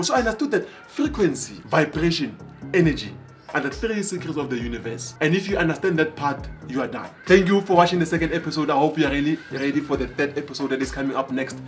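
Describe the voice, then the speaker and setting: A man from Africa, telling a motivational story in an animated way, acting out dialogue and repeating phrases for emphasis. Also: a little high. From South Africa. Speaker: motivational speaker.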